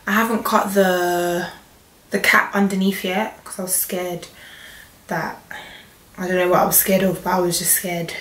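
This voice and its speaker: Croaky-voiced woman vlogging. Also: fairly low pitch, little pitch movement, normal speed, fairly bright tone. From England. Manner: chatty, joking, self-talk asides. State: croaky, hoarse voice. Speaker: hair vlogger. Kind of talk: casual chat while styling a wig. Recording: echoey room, faint noise.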